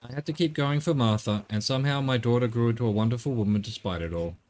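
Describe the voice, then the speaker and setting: A man's voice: medium pitch, fast, a little mellow, lightly acted. A man voicing a grieving, devout old widowed father, reading game dialogue aloud in a subdued storytelling way. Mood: sorrowful. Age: older.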